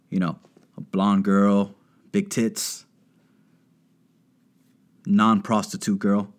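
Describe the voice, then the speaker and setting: A man doing a crude, rambling stand-up comedy monologue, riffing and slipping into put-on voices. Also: lowish voice. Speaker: stand-up comic. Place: Miami.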